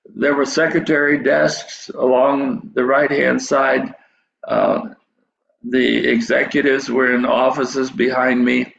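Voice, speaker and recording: A man's voice: mid-range voice, level tone, takes it slowly, creaky, fairly bright tone. An older man telling a dream story in a sermon, rambling and restarting his phrases. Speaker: preacher telling a dream testimony. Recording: dull echoey hall recording.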